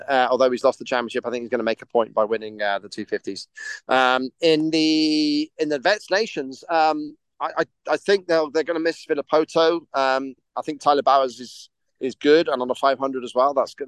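A man co-hosts a casual chat show, talking at a middle pitch in a smooth, clear voice. He rambles, stops and restarts his sentences, and laughs easily. The sound is dry, with no room around it. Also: fairly even intonation, moderate pace, no room sound. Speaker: podcast co-host.

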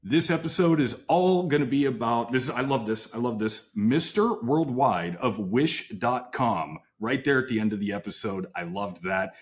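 A man's voice: mid-range voice, brisk, few pauses. A man hosting a casual podcast after-show, easygoing and teasing as he introduces his co-hosts. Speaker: host.

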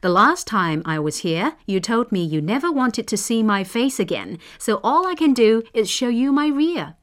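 A woman's voice: a little high, very animated, normal speed. Woman doing a sly, witty old trickster man.

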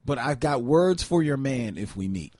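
A man's voice: mid-range voice, lively intonation, moderate pace, a little mellow, no room sound. A man co-hosting a podcast in casual chat, reading out listener comments with lots of fillers. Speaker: podcast co-host.

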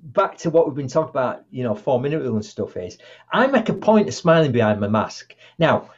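Man, guest speaker; husky, lively delivery that acts out quotes; muffled lo-fi audio. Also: mid-range voice, fairly quick. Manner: animated storyteller, acts out quotes. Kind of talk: conversational podcast interview.

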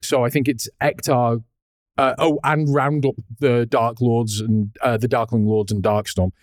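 A man's voice: medium pitch, fairly even intonation, unhurried, dry recording. Male podcast host, casual chat; laughs a lot and acts out scenes. Dry close mic. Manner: laughs often, swears casually, acts out characters. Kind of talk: casual chat recapping a cartoon.

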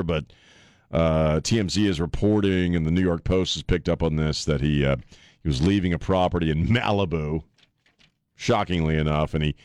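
A man's voice: fairly low pitch, no room sound, studio quality. A man hosting a radio talk show, chatting loosely with lots of fillers and self-mocking jokes. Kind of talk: casual talk radio chat. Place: radio studio. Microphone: studio microphone.

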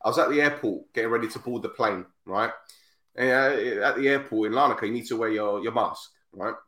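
A man's voice: medium pitch, brisk, roomy sound. A man hosting a football podcast, telling stories in casual chat and acting out the people in them. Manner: animated storyteller, acts out voices, repeats himself. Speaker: podcast host.

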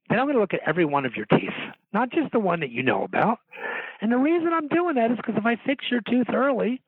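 A man's voice: medium pitch, no room sound. A middle-aged man, a dentist, talking casually and earnestly to fellow dentists and acting out what he tells his patients. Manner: earnest, explains with examples, acts out lines to patients. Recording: tinny phone line, dry.

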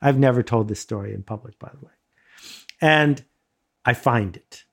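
A middle-aged man from the United States telling a self-deprecating personal story in a casual, animated way, laughing often. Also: medium pitch, moderate pace, creaky. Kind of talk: casual anecdote, conversational storytelling.

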